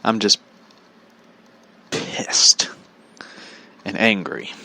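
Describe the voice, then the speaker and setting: A man's voice: fairly low pitch, lively intonation, measured pace, sharp tone, a little hiss or hum. A man telling a comedic story in a profane, exasperated way, laughing often. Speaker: vlogger.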